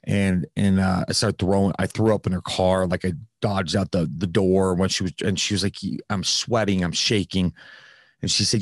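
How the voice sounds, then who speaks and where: A man's voice: sits low, level tone, normal speed, no room sound, clean studio sound. A man telling a candid personal story in casual conversation, with frequent fillers and some swearing. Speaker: podcast host, guest telling his recovery story.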